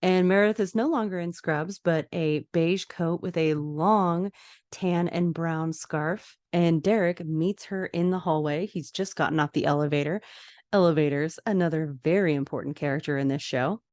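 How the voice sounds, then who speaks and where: Low-voiced woman vividly retelling a TV episode. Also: normal speed, darkish tone, no room sound, clean studio sound. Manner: vivid scene-by-scene retelling with asides. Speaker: podcast host. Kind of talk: episode recap narration.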